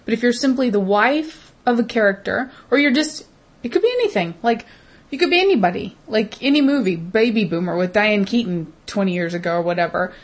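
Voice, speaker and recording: Fast-talking woman co-host. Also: mid-range voice, lively intonation. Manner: fast-talking, words run together, wry and laughing. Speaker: podcast co-host. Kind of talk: casual chat.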